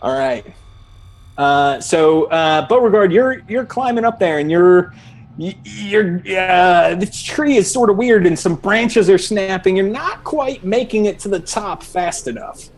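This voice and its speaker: A man running a tabletop game as dungeon master, narrating in a relaxed, halting way with many fillers and laughs. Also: sits high.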